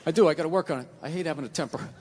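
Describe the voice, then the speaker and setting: A man's voice: a little high, racing, a little hiss or hum. A middle-aged man doing a stand-up comedy set, ranting in an exasperated, swearing way on stage. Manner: loud, exasperated rants, swearing. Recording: live hall with long reverb. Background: audience laughter.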